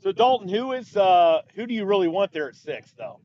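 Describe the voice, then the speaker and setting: A man's voice: sits high, expressive, fairly quick, highs cut off, slight background noise. A man co-hosting a casual live sports podcast, chatting and thanking viewers in the stream chat. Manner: chatty, reads out viewer comments. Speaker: podcast co-host.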